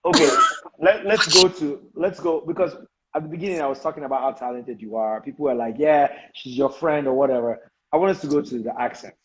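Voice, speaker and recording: Excitable man on a dull line. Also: medium pitch, quick pace. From Nigeria. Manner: excitable, amazed. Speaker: host. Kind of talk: casual live chat. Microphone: phone.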